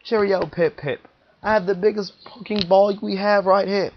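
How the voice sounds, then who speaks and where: A prim shop salesman with a put-on British accent, as a man plays him, chirps in a high, bright voice. The recording is dull and lo-fi, a little far from the mic. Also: fairly even intonation, normal speed, slight background noise, natural voice. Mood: chirpy. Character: fussy mock-British male ball driller.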